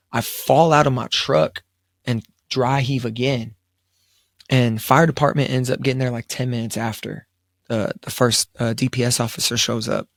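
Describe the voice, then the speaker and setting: A young man with a drawl and a gravelly, fry-edged voice tells a long personal story at a podcast table. He speaks at an ordinary pitch, quoting himself with lots of "I was like" and restarts. The sound is dry and close. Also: no echo. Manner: laid-back storytelling, quoting himself, frequent fillers and restarts. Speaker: podcast co-host. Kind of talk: casual storytelling chat. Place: studio around a table.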